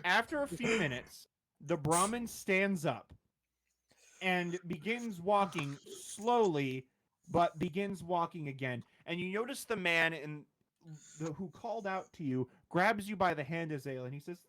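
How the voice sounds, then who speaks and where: A man running a tabletop game as game master, excitable and quick to swear. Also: high-pitched, low-quality recording.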